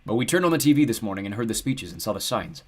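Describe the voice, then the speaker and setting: A man's voice: fairly low pitch, expressive, racing. A man reading an audiobook, voicing a worried, apologetic grown man. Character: anxious middle-aged male family friend.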